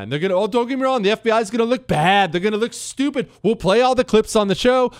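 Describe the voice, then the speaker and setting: A man's voice: sits high, fast, hardly any pauses. A middle-aged man hosting a radio talk show, delivering an opinionated, sarcastic monologue. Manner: animated, sarcastic, mocks others in put-on voices.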